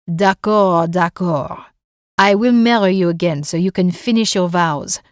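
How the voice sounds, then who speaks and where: A woman voicing an older male French judge with a French accent, matter-of-fact and booming, in an audiobook. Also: measured pace, smooth, no echo, clean studio sound. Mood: measured.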